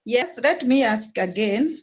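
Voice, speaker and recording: A woman's voice: on the high side, lively intonation, measured pace, slightly rough, rough recording. A woman student asking a careful, hesitant question in an online singing class. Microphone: video call.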